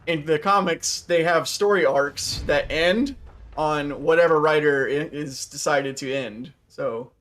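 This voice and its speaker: A man in casual chat as a stream co-host, rambling with many restarts and trailing off softly. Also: on the high side, measured pace. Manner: mimics characters with raised excited voice.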